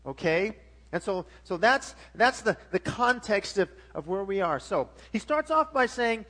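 A man's voice: high-pitched, big pitch swings, a little slow, fairly bright tone. A middle-aged man preaching a sermon as pastor, emphatic with frequent restarts and swelling volume.

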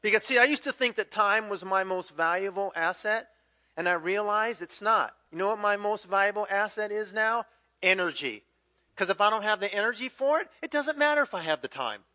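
A man in his fifties preaching a conversational sermon, swinging from loud acted quotes to quiet, drawn-out emphasis. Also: sits high, animated, dry recording. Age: 50s. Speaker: pastor.

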